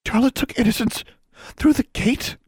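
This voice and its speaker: Brief: man playing a young storybook witch, soft and fretful, raised pitch, dry sound. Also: normal speed, slightly rough, no room sound, full character voice. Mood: worried. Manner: gentle, worried. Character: young witch, gentle and anxious friend.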